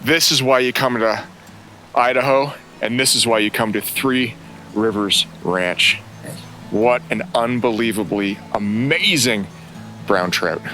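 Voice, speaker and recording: A man hosting a fishing show outdoors on a river, excitedly explaining technique and cheering his catches. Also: mid-range voice, measured pace, soft background music. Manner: enthusiastic, exclamatory. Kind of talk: excited on-the-water fishing instruction.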